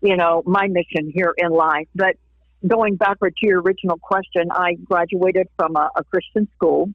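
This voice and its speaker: A woman's voice: on the low side, fairly even intonation, normal speed, dry recording. A woman from Florida shares her faith story as a guest on an interview show. She laughs often and plays out the voices of people she quotes. Her voice comes through a tinny phone line with a dry, close sound. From Florida, USA. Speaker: interview guest, singer and evangelist. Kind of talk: personal testimony in a casual interview.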